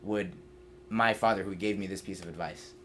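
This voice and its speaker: A man's voice: low-pitched, steady tone, normal speed, fairly bright tone, a little hiss or hum. A young man hosting a podcast, talking in an earnest, reflective way in casual chat. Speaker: podcast host.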